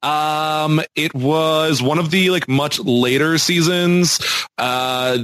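A young man co-hosting a podcast, playful and quick to laugh. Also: a little high, fairly bright tone, clean tone. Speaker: podcast co-host. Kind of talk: casual chat.

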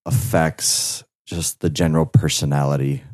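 A man from the Chicago area, a guest on a podcast, chatting casually with relaxed, matter-of-fact answers. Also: extremely low pitch, normal speed. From United States, Chicago area.

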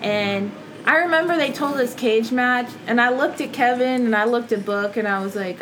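A young woman, a wrestler guest on a podcast, telling stories in a casual, animated way with lots of "like". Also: a little high, normal speed, slight background noise, rough recording. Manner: animated, laughs often, lots of "like". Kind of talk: casual storytelling interview.

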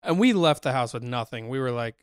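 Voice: medium pitch, animated, fairly quick, clean tone, dry recording, studio quality. Wry, conversational podcast co-host. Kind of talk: casual storytelling chat.

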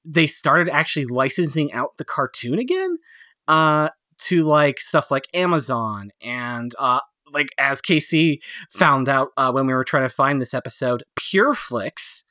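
A man riffs about old cartoons on a podcast, his talk full of fillers and frequent laughter. His voice is bright and swings widely in pitch. It sounds close and dry. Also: sing-song, a little slow, no echo. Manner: laughs often, rambling with many fillers. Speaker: podcast co-host. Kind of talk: casual chat reviewing cartoons.

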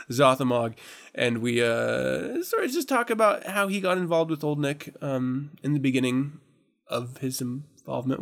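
A man's voice: medium pitch, creaky, pushed and bright. A man hosting a podcast in a casual chat, laughing often, swearing freely and rambling through restarts. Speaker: podcast host.

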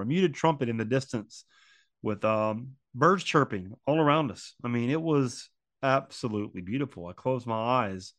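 With no room sound, a grieving man in his forties speaks in a medium, somewhat bright voice. His personal reflection on loss is heartfelt, full of fillers and repeated phrases.

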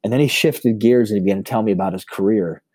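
A man with a warm, mellow voice tells stories in a podcast chat. He is a pastor with an outgoing manner who often stumbles and restarts his phrases. The recording is close and dry. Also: fast talker, husky, no room sound. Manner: self-described high extrovert. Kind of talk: personal storytelling in casual conversation.

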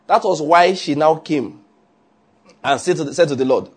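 A man preaching a sermon in an animated way, often checking with his listeners. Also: on the high side, normal speed, slightly rough. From Nigeria. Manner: animated, asks the audience often.

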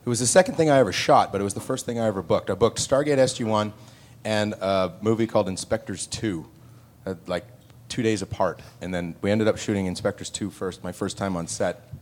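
A man's voice: fairly low pitch, fairly quick. A man on a convention panel telling anecdotes, acting out other people's voices as he goes. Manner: animated anecdotes with acted-out voices. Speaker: panel guest actor.

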